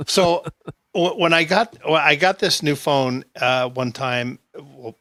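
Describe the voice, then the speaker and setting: A man's voice: fairly high pitch, slow pace. A man casually telling a long anecdote to friends, acting out what people said and laughing often. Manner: animated storyteller, acts out quotes, laughs often. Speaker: podcast host. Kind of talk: casual storytelling chat.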